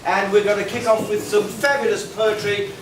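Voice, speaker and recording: A man's voice: high voice, flat delivery, moderate pace. A man hosting a club night, upbeat and announcing as he introduces the next act. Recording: echoey room, distant mic, noisy.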